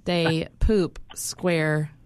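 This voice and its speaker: A woman's voice: sits low, steady tone, darkish tone, smooth. A woman, co-hosting a casual radio chat, chatty and emphatic. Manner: chatty, emphatic, with bursts of quick talk. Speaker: radio co-host.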